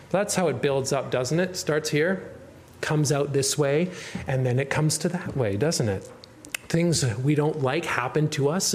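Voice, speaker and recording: A man's voice: mid-range voice, slight background noise. A man preaching an expository sermon to his congregation, earnest and pressing, often closing points with rhetorical questions.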